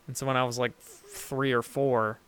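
A man's voice: medium pitch, level tone, normal speed, a bit bright, clean tone. A young man co-hosting a casual podcast chat, rambling and self-interrupting, laughing easily. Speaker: podcast co-host.

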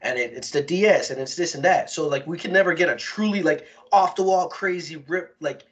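Slangy, animated man chatting. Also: a little high, fairly quick. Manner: animated, slangy, swears a lot. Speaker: podcast co-host. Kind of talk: casual chat.

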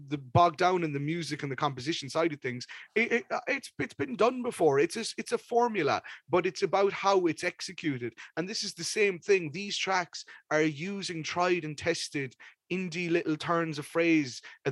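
A young man hosts a podcast and gives his take on a record in a loose, rambling way, swearing as he goes. His voice sits fairly high for a man. The sound is dry and close, with no room around it. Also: no echo. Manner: rambling and animated, with casual swearing. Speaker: podcast host. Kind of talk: casual music review chat.

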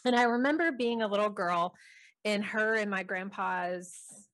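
Middle-aged woman host, chatty and loose, medium pitch. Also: unhurried, a bit bright. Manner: chatty, uses like a lot, laughs easily. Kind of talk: casual chat.

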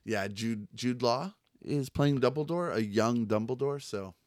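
A man's voice: medium pitch, measured pace, dry recording, clean studio sound. A man co-hosting a podcast, laid-back and casual, swearing freely and laughing often. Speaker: podcast co-host.

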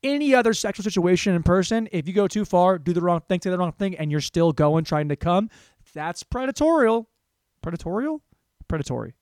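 A man's voice: high-pitched, lively intonation, a little fast, darkish tone, no room sound, studio quality. A man in his thirties hosting a solo comedy podcast. He talks in a crude, rambling, self-mocking way. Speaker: podcast host.

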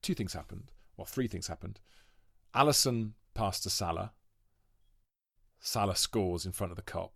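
A man telling an animated story in casual podcast chat, swearing and laughing as he goes. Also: low-pitched, moderate pace, gravelly, pauses often, dry recording, clean studio sound. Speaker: podcast guest.

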